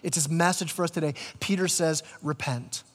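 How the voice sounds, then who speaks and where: A man's voice: a little high, steady tone, a little fast, big-room sound. A man preaching a sermon as pastor, casual and conversational, often restarting his words. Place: church sanctuary.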